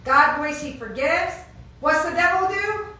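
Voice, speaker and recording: A woman's voice: high-pitched, a little slow, sharp tone, slight background noise. A woman preaching an informal sermon, asking the congregation questions and answering them with emphasis. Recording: echoey room, heard from far off.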